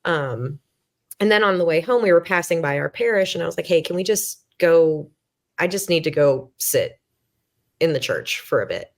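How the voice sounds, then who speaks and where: A woman in her thirties with a low, deep-set voice tells her story as a podcast guest. She talks candidly and self-deprecatingly, full of "um" and "like" and restarts, and voices her own past thoughts as little quotes. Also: animated, normal speed. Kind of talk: conversational storytelling.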